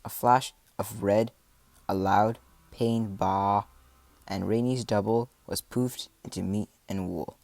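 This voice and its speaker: A man reading a first-person adventure story aloud, with dramatic delivery and voiced shouts and animal sounds. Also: on the low side, steady tone, slow, vocal fry, no room sound. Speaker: audiobook narrator.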